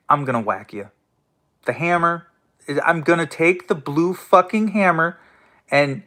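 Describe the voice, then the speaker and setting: A man with a noticeably high-pitched voice rants at his listeners as host of his own show. He swears constantly, talks in a confrontational tone and keeps stumbling into restarts. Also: sharp tone. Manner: profane, confrontational, stammering restarts. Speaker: host of an online audio room show. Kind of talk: angry ranting monologue.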